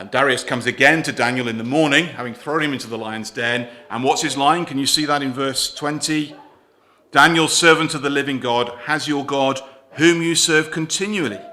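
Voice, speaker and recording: A male preacher delivering a sermon in a church. His voice is bright and forceful, at a middle pitch for a man. He speaks earnestly, poses questions to his listeners, and often lets his phrases trail off more quietly. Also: a little hiss or hum. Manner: earnest, asks the congregation questions, drops softer at line ends.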